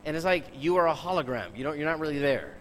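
A man's voice: fairly high pitch, big pitch swings, fast, fairly bright tone, a little hiss or hum, rough recording. A man preaching a sermon who speaks emphatically, peppers his talk with rhetorical questions and addresses the congregation directly.

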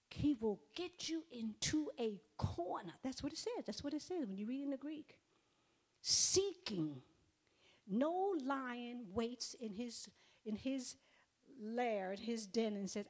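A woman's voice: a little high, animated, measured pace, pauses often, a little mellow. A woman preaching a sermon, emphatic and repetitive, sometimes dropping to a near whisper. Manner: emphatic, repeats phrases, drops to near whispers.

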